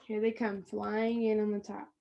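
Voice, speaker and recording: A woman's voice: mid-range voice, vocal fry, lo-fi sound. A woman reading a picture book aloud to children over a video call, acting out the lines and adding asides about the pictures. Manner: slow, expressive read-aloud with pointing asides. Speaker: storytime reader.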